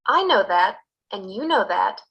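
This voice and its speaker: A tense, breathy young woman. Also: medium pitch, big pitch swings, a little slow, highs cut off, heavily acted. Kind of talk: scripted textbook dialogue.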